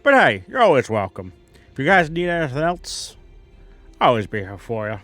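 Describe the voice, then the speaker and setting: A man's voice: medium pitch, big pitch swings, brisk, a bit bright, faint music behind. A man voicing a big, friendly male orc barkeeper with a Boston accent, talking in a brash, streetwise way. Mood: gruff.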